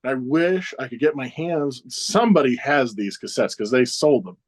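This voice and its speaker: A man's voice: medium pitch, normal speed, slightly rough. A man in his forties, a professional wrestler guest, casually telling backstage stories in an interview, chuckling often and acting out other people's lines.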